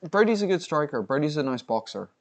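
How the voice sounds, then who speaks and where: A man's voice: a little high, sing-song, fast. Swearing man riffing on a stream. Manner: swearing, banter, reads chat aloud. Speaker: livestream co-host. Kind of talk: casual watch-along chat.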